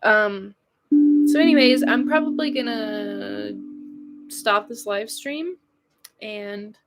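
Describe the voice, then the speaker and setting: A woman's voice: a little high, takes it slowly, soft background music. A tired woman hosting a casual livestream at home, rambling, laughing often and swearing casually as she talks. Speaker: livestream host.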